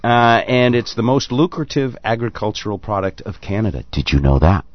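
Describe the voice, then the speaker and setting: A man's voice: fairly low pitch, very animated, fairly quick. Wisecracking male radio host, dull sound. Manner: wisecracking, teasing. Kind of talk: talk radio banter.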